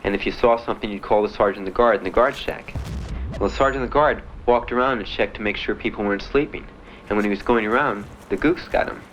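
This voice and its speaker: A man's voice: fairly low pitch, fast, a bit bright, slight background noise, poor audio. A young American man from Miami, a veteran bluntly and matter-of-factly telling his own story with dry laughs. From United States (Miami). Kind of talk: candid spoken testimony.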